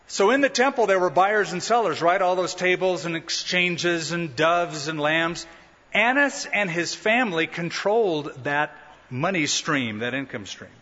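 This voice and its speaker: A man's voice: a little high, bright, forceful tone. A man preaching a sermon, teaching in a conversational way with rhetorical questions and humorous asides. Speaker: pastor. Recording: dull lo-fi sound with long hall reverb.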